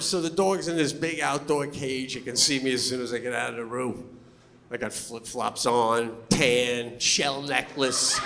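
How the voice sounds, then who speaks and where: A man doing a stand-up comedy set on stage, animated and loud when he acts out quotes. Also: a little high, vocal fry, a little hiss or hum. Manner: animated, swings into loud put-on voices for quotes. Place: on stage before a laughing audience.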